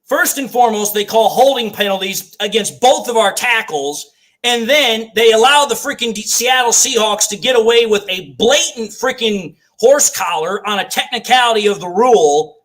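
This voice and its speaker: Calling a football game live for a watch party of fans, this man has a high, expressive, somewhat bright voice at a moderate pace. His commentary is a rant full of swearing, circling back to the same complaints.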